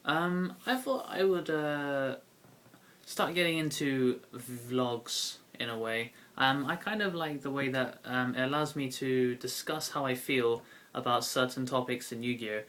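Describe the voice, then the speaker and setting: Young British male vlogger, bright tone, loose and chatty with lots of fillers. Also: medium pitch, unhurried. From Britain. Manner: rambling, many fillers and self-corrections. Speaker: YouTube card game vlogger. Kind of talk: casual talking-to-camera vlog.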